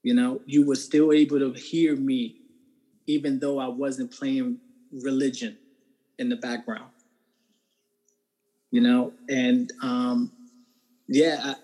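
A man's voice: mid-range voice, darkish tone, poor audio. A man being interviewed, telling his personal faith testimony in a casual, earnest way and often checking in with "right?". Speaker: interview guest.

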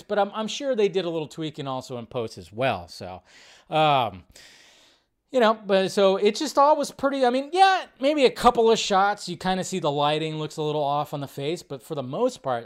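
A man hosting a film podcast in casual live-stream chat, excitable and profane, full of fillers and restarts. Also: a little high.

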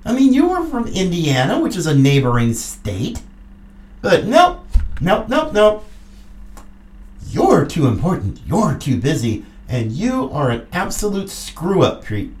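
A woman's voice: fairly low pitch, darkish tone, far from the mic. A woman hosting a political commentary podcast, ranting in an angry, mocking, sarcastic way. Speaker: podcast host. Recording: echoey room.

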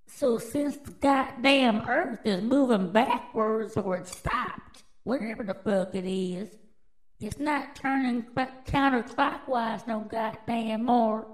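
A woman hosts her own podcast, reading news headlines and riffing on them. She talks slowly in a fairly high voice. Her delivery is brash, drawling and full of swearing. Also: rough recording. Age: adult, with children. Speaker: podcast host. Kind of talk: casual news commentary.

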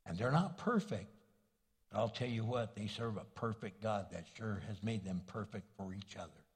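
Husky older pastor preaching in a hall. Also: male voice, fairly low pitch, moderate pace. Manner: folksy, conversational preaching with homely stories. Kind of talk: sermon. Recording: long reverb of a large hall.

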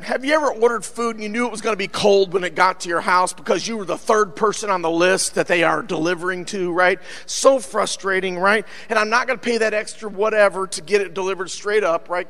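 Male pastor, high bright tone, fiery sermon delivery with "uh" fillers. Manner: preaching with shouted, rising bursts and frequent "uh" fillers.

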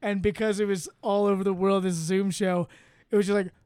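A man with a high, smooth and resonant voice hosts a comedy podcast. He tells stories in a loose, animated way, swearing freely and laughing often, on a dry close mic. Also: brisk, dry recording. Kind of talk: casual chat.

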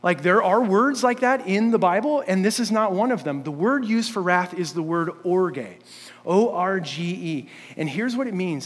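A male pastor with a high, husky voice delivers an earnest, conversational sermon full of restarts and casual fillers. His words ring out with a long reverb from a large church hall. He leans hard into his emphatic points. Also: animated, normal speed. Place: church sanctuary.

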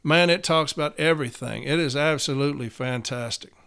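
A man talks straight into his own podcast, blunt, profane and quick to get fired up. His voice sits a little high for a man and comes through smooth and clear. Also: fairly bright tone. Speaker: union steward podcaster. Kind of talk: casual podcast monologue.

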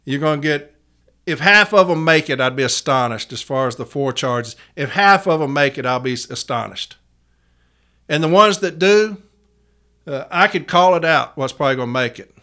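A man's voice: mid-range voice, sharp tone. A man, a union activist giving a blunt, profane rallying rant to fellow members. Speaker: letter carriers' union activist and podcaster.

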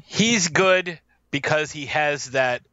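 A man's voice: on the high side, slow pace, bright, forceful tone, muffled recording. A man co-hosting a film podcast, chatting casually and jokingly, rambling with many fillers. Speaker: podcast co-host. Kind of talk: casual film review chat.

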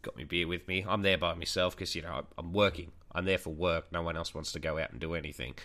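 A man's voice: deep voice, fast, pushed and bright. A young man co-hosting a casual podcast, rambling through a crude anecdote with plenty of swearing. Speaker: podcast co-host.

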